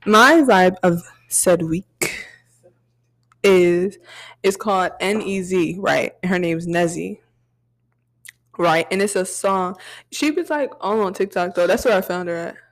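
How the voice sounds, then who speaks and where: A young adult woman co-hosting a podcast in casual chat, slangy and quick to laugh. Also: fairly low pitch. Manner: slangy, laughs often, talks over others. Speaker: podcast co-host.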